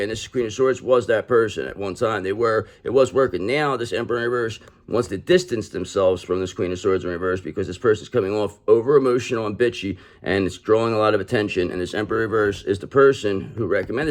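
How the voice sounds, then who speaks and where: Low-voiced, profane, streetwise male tarot reader. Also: a little mellow. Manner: blunt, streetwise and profane, addresses the listener directly. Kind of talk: online tarot reading.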